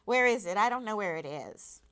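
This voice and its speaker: A woman voicing a frightened young boy who pleads softly, while reading a novel aloud. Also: mid-range voice, expressive, normal speed, clean tone, lightly acted. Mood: pleading. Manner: soft, pleading questions.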